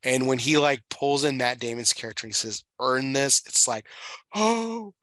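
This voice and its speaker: Bright, emotional man swearing casually. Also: medium pitch, fairly even intonation, no echo. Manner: emotional, swearing, halting restarts. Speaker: podcast host. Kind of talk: casual chat.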